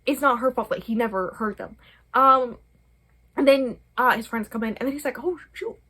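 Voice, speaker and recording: A woman's voice: fairly high pitch, normal speed, bright, forceful tone. A young adult woman, a book vlogger, rambling casually through a book review with many fillers. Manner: rambling, chatty, many fillers, laughs often.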